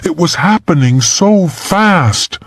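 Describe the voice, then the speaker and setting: A man's voice: expressive, slow pace, no echo, studio quality. A man narrating a thriller audiobook in a dramatic, tense manner. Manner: dramatic and tense, pitch climbing in the frightening moments.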